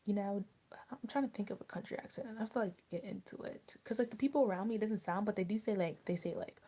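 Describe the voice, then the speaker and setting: A young woman from Maryland hosts a casual livestream, chatting to her viewers in a loose, rambling way. Her speech is full of fillers and restarts. Her voice is warm and mellow. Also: medium pitch, brisk, gravelly. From Maryland, USA. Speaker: livestream host.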